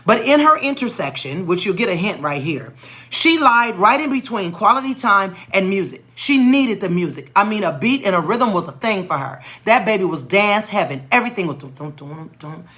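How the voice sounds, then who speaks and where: Animated woman storyteller. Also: medium pitch, normal speed. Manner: animated, expressive storyteller who acts out voices. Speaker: educator and tutor. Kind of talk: storytelling teaching talk.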